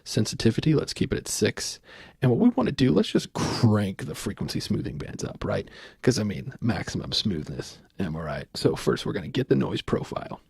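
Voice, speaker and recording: A man speaking softly in a low, deeply gravelly and husky voice that sounds a little sore. He walks through a software tutorial in a loose, thinking-aloud way, his pitch moving around a lot. The sound is close and dry. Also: big pitch swings, normal speed, no echo. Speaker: audio tutorial host. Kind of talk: soft-spoken screen tutorial.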